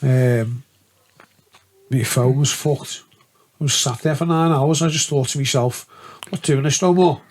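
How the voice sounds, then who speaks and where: A man's voice: mid-range voice, moderate pace, a little mellow. A man, a DJ guest telling stories in casual podcast chat, swearing freely and laughing as he goes.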